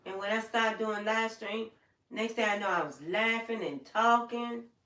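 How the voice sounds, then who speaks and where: Far from the microphone in a room with echo, an older livestream host shares her own story sincerely and simply, repeating herself often. She speaks at a measured pace in a fairly high, slightly bright voice.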